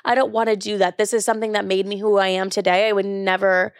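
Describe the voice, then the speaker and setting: A woman's voice: medium pitch, little pitch movement, quick pace, no room sound, studio quality. A young woman in her twenties hosting her own podcast, chatting casually and swearing freely, with lots of "like" fillers. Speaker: podcast host. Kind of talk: casual confessional podcast chat.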